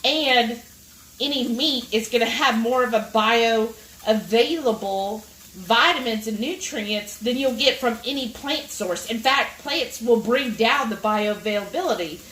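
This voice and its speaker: A woman's voice: a little high, unhurried. A woman chatting with viewers and telling a long story while she cooks in her home kitchen. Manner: animated, addresses viewers directly. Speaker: cooking vlog host. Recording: roomy kitchen, mic at a distance, faint sizzling.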